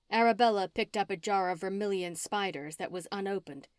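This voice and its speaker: A woman narrating a first-person audiobook with an expressive, dramatic reading. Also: mid-range voice, brisk, few pauses, dry recording, studio quality.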